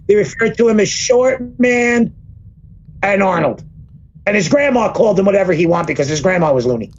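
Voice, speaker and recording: A woman's voice: medium pitch, expressive, normal speed. A woman co-hosting a casual podcast chat, blunt and casually profane. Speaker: podcast co-host. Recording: dull, lo-fi dry mic.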